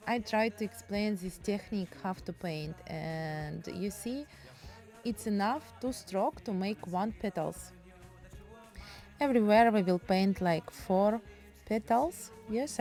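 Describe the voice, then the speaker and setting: A woman's voice: mid-range voice, dark tone. A woman with a Russian accent teaching painting in a casual, chatty tutorial, speaking in broken English.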